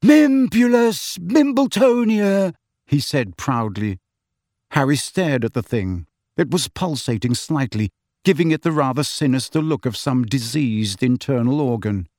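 A man narrates an audiobook with a measured, expressive storytelling delivery. His pitch moves a lot, rising and falling through each sentence. The sound is dry and close. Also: no room sound.

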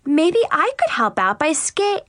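A woman voicing a catty, fake-sweet teenage girl in an audiobook, shrill and gushing. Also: very animated, unhurried, a bit bright, no echo, studio quality, heavily acted. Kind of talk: audiobook reading.

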